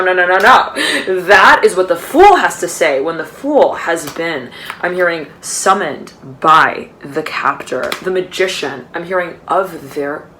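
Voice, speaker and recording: A woman's voice: medium pitch, a bit bright, a little hiss or hum, low-quality recording. A woman giving an intuitive tarot reading for a zodiac sign. She rambles and repeats herself, keeps saying she is hearing things, and uses a lot of fillers and laughs. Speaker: tarot card reader.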